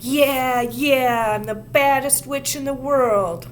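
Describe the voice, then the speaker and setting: A woman voicing a rowdy little girl in a witch costume, shouting loud and gleeful in a storybook reading. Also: high-pitched, takes it slowly, slight background noise, voice pushed up.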